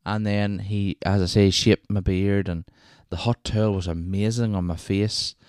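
A man's voice: fairly low pitch, steady tone, moderate pace, a little mellow, dry recording, clean studio sound. A Northern Irish man hosting his own podcast, telling stories in a chatty, rambling way that doubles back on itself. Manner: rambling, chatty, self-interrupting with wee asides. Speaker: podcast host. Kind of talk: casual solo storytelling.

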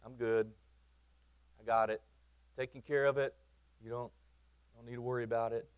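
A preacher voicing God, calm and unhurried. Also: male voice, mid-range voice, clean tone, no room sound, close to an everyday voice. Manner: relaxed, reassuring, offhand.

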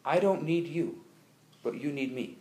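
A man's voice: a little high, a little slow, darkish tone, roomy sound. A man giving an inspirational sermon at a convention, telling a story with frequent restarts and building to emphatic appeals. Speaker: speaker at a religious convention.

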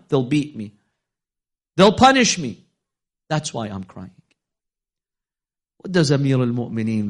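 Preaching a sermon, a man tells a story with dramatic swings in pitch and loudness, voicing the figures he quotes and pushing his pitch sharply upward. At times he slows into a chanted, almost sung delivery.

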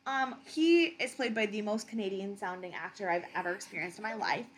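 A woman's voice: mid-range voice, a little fast. Woman, Western New York accent, casual rambling co-host, faint hum behind. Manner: rambling, self-deprecating. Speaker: podcast co-host. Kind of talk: casual chat.

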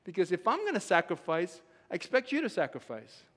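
A man preaching a sermon as a pastor, emphatic and rising to loud shouts. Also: high-pitched, huge pitch swings, brisk. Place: church sanctuary. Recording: long hall reverb.

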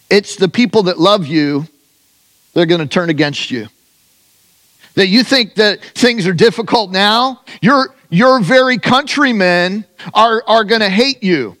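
A man with a notably high-pitched voice delivers a Sunday sermon. His preaching is animated, leaping to loud, emphatic peaks and sinking to soft, confiding lows. Between scripture readings he slips into loose, conversational asides full of restarts. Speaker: pastor.

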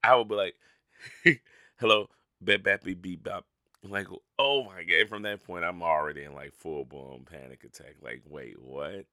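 Deep, gravelly man hosting a solo podcast. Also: normal speed, sharp tone, dry recording, studio quality. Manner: rambling, self-mocking, laughs at his own stories. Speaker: podcast host. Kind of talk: casual solo podcast monologue.

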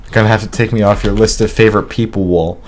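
A man's voice: fairly low pitch, fairly even intonation, fast talker, a little mellow. A young man hosting a live-streamed podcast, chatting casually with a joking, self-mocking manner and frequent swearing. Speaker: podcast host.

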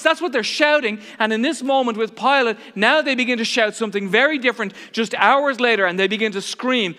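High-voiced, bright male preacher. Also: a little fast, few pauses, in a large hall. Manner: dramatic, emphatic preaching with voiced quotes. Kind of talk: sermon.

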